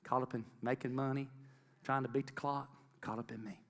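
A man's voice: medium pitch, flat delivery, brisk, big-room sound. Earnest middle-aged man preaching a testimony. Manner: earnest, repeats phrases for emphasis, calls out to the audience. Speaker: lay preacher. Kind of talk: testimony sermon to a congregation.

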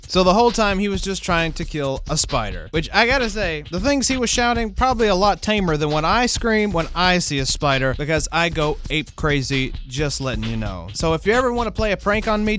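Animated male podcast host, high and lively, telling a funny story.

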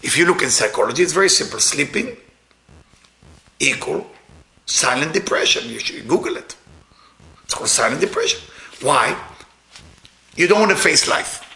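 Man, informal sermon, non-native English, tense bright voice, loud-to-quiet swings. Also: a little high, expressive, normal speed, long pauses. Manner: emphatic, swings from loud to hushed.

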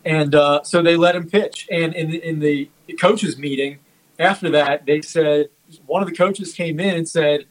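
A man in a casual sports chat, recounting anecdotes in a halting way with many fillers. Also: fairly high pitch, fairly even intonation, rough recording.

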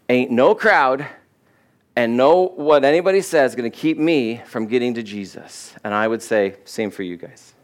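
A middle-aged man preaching a sermon as a pastor, chatty and informal in tone. His voice sits at an ordinary pitch, then leaps high and loud when he plays the people in the story. He talks to the congregation as if chatting with friends. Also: smooth. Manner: conversational, acts out quotes with jumps in pitch.

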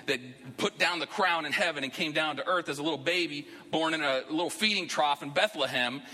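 A man's voice: fairly high pitch, brisk, sharp tone, long reverb tail. A man preaching a sermon to his church as pastor, talking conversationally and rising into emphatic bursts. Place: church sanctuary.

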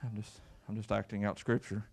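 A man's voice: fairly low pitch, flat delivery, brisk, gravelly, a little mellow, breathy edge. A man preaching a sermon as pastor, folksy and emphatic, with repeated words and call-outs to the congregation. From Kentucky.

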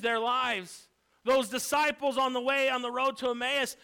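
Preacher guy, really high bright voice, goes from quiet to shouting, repeats himself for punch. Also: steady tone, moderate pace, gravelly, clear, resonant tone. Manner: dramatic swings from hushed to shouting; emphatic repetition. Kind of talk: sermon.

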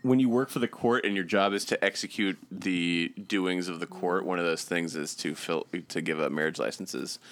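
Low, smooth-voiced laid-back man. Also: normal speed, few pauses, fairly bright tone. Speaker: podcast co-host. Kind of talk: casual comedic chat.

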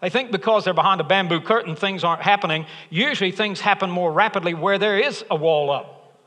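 Bright-voiced pastor in a hall. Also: male voice, sits high, a little fast. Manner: jokey, conversational preaching with rising emphasis. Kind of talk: sermon. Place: church auditorium. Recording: long reverb of a large hall.

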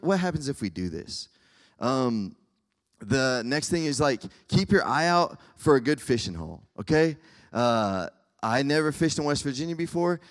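A young man giving a casual, conversational sermon to students, full of fillers and asides. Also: medium pitch. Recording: hall reverb.

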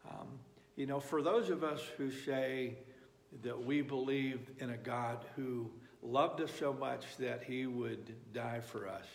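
A man's voice: mid-range voice, slow, gravelly. A man preaching a sermon, emphatic and repeating phrases for effect. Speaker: pastor. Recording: echoey hall reverb.

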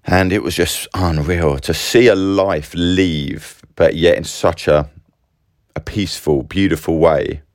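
A middle-aged man talking through a rambling, animated personal monologue, full of restarts. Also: sits low, measured pace, dry recording, studio quality. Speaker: business owner vlogger.

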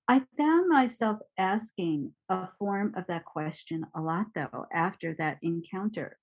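A woman giving a gentle, reflective dharma talk on mindfulness, pausing often with ums. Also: mid-range voice, expressive, rough recording. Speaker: meditation teacher.

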